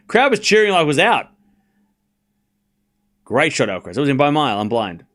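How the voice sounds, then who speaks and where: Lively excitable male stream commentator. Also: mid-range voice, moderate pace, pauses often. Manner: excitable play-by-play mixed with laid-back banter to chat. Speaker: stream host doing live tennis commentary. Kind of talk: casual live-stream watchalong commentary.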